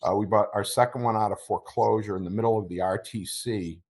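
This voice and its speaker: Halting, emotional middle-aged man. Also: lowish voice, fairly even intonation, a little mellow. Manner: halting, repeats words, gets choked up. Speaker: interview guest. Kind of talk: emotional storytelling.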